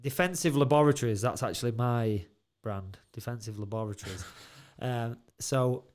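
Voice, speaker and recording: A man's voice: medium pitch, moderate pace, darkish tone. A man co-hosting a podcast in a studio, telling stories in a loose, laughing, swearing way. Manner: swears a lot, laughs, tells stories animatedly. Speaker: podcast co-host. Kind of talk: casual chat.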